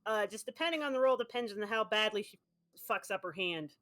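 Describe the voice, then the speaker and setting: A woman player on a live-streamed tabletop game, describing what her character does. She talks with animated energy and breaks into laughter often, in a mid-range voice. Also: mid-range voice, brisk.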